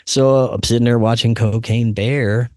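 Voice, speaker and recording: A man hosting a podcast, telling a personal story in an animated, slangy way and often saying "man" and "dude". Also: medium pitch, a little slow, no echo, clean studio sound. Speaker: podcast host. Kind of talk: casual storytelling.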